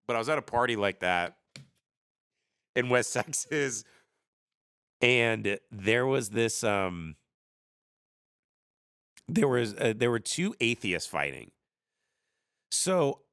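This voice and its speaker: A man's voice: on the low side, fairly bright tone, smooth, no room sound, studio quality. A man in his thirties telling rambling comedic stories on a livestream, sarcastic and full of mocking put-on voices. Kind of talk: casual comedic storytelling rant.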